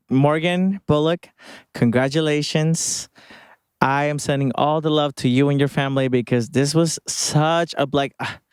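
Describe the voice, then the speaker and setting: A man's voice: mid-range voice, clear, resonant tone, no echo. Emotional young man telling a story, dry sound. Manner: emotional, gushing, with sighs and laughs. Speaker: podcast host. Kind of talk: personal storytelling vlog.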